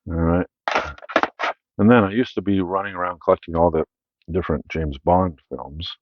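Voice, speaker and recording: A man's voice: low voice, normal speed, dry recording, phone-quality sound. A Canadian man hosting his own channel, casually rambling through his film collection with many fillers and self-corrections.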